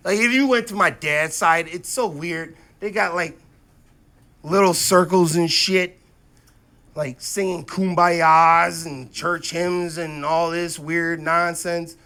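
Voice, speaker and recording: A man doing stand-up comedy on stage, telling animated stories from his life into a handheld mic. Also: a little high. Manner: animated, quick to act out quotes. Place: comedy stage before a live audience.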